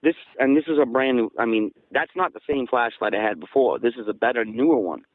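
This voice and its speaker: Guest storyteller, man from southeastern Massachusetts, mid-pitched, dry close sound, animated. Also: brisk, dry recording, low-quality recording. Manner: excited, gets louder and higher when quoting. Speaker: guest recounting an encounter. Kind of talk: casual storytelling.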